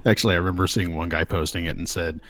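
A man's voice: low voice, big pitch swings, brisk. A man co-hosting a podcast in casual chat, loose and profane, often restarting his phrases. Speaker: podcast co-host.

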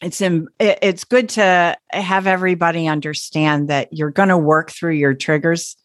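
A woman working as a parenting coach, explaining calmly and gently in a casual talk. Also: fairly low pitch, moderate pace, dry recording, clean studio sound.

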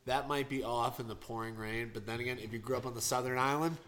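A man in a casual panel chat, lively and joking, with quick asides about rugby. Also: medium pitch.

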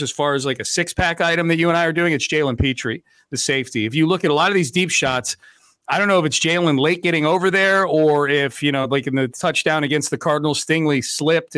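A man's voice: on the high side, fairly bright tone, dry recording. A man hosting a sports talk show, talking casually with lots of fillers and restarts. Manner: conversational, many fillers and restarts. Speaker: sports radio host.

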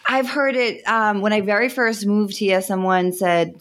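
A woman's voice: mid-range voice, fairly even intonation, measured pace, few pauses, fairly bright tone, slight background noise. A woman in her forties from Boston, with a Boston accent, chatting wryly as a podcast guest. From Boston, Massachusetts. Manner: chatty, wry and joking. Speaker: guest, dating podcaster and author. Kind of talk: casual interview chat.

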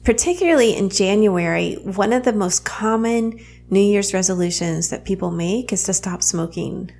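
A woman's voice: mid-range voice, normal speed, darkish tone. A woman with a Southern US accent hosting a podcast, talking in a chatty way and laughing easily. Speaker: podcast host. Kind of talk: casual podcast interview.

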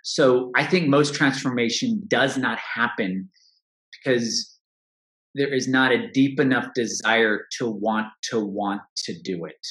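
A middle-aged coach speaks in a mid-range, slightly bright voice, a little on the slow side. In an interview conversation he talks earnestly and reflectively, frequently restarting sentences, and the recording has a roomy echo.

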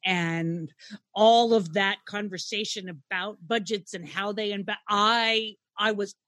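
A woman's voice: medium pitch, fairly bright tone, no echo. A woman co-hosting a film review podcast, running through releases in casual chat with frank remarks. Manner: brisk, listing releases, frank. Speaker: podcast co-host.

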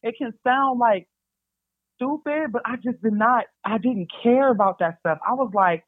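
A young woman, a basketball player and podcast guest, telling stories in a chatty, animated way and calling her listeners y'all. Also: a little high, moderate pace, no room sound. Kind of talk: casual storytelling. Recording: dry tinny phone-like sound.

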